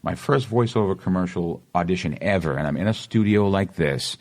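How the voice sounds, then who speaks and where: Boston man in his 40s, interview guest, low gravelly voice, animated storyteller. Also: a little fast. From Massachusetts. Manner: animated storyteller, acts out quotes. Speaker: actor guest. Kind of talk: casual interview chat.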